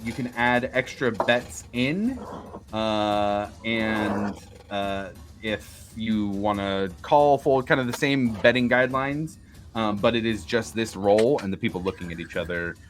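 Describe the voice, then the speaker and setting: A man's voice: lowish voice, a little slow. A man narrating as game master of a tabletop game, hesitant and full of fillers.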